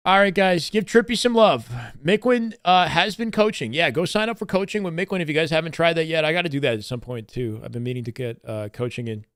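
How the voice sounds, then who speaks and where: A Canadian man chatting casually on a live stream, relaxed and full of fillers as he reacts to matches. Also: a little high, fast talker, few pauses, smooth, dry recording, clean studio sound. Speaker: streamer and esports co-caster.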